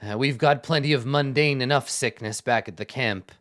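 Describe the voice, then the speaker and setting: A grumpy, sarcastic dwarf soldier, as a man puts him on for a tabletop game. He talks gruffly and sounds worn out. His voice stays close to the player's own everyday voice. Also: medium pitch, normal speed, fairly bright tone, lightly acted. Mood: weary. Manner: gruff, weary, sighing, sarcastic. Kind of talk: tabletop role-play voicing.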